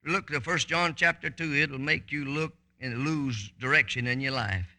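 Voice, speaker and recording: A man preaching a sermon, fervent, with sudden loud high bursts and quick asides.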